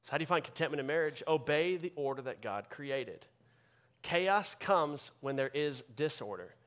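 A man pastor delivering a sermon with emphatic preaching that swings from loud bursts to quiet asides. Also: on the high side, animated, normal speed.

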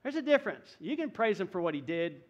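A man's voice: sits high, sing-song, fast, muffled recording. A male pastor, preaching a sermon in a conversational way with folksy asides to his church.

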